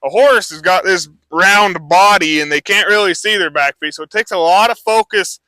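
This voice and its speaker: A man's voice: high-pitched, moderate pace, sharp tone, no echo. A man who trains horses, talking a live audience through a demonstration in a casual, rambling way full of fillers.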